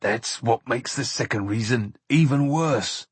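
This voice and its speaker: A man reading an audiobook, voicing a grave, troubled old grandfather in a halting delivery. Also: mid-range voice, expressive, breathy edge, dry recording. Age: older.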